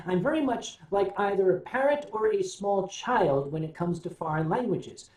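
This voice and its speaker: An older American man hosting a casual livestream, telling stories and answering viewer comments in a wry, unhurried way. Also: high voice, animated, darkish tone. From United States. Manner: wry, unhurried storytelling with sips and hums. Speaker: livestream host. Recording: roomy sound, voice a bit off-mic.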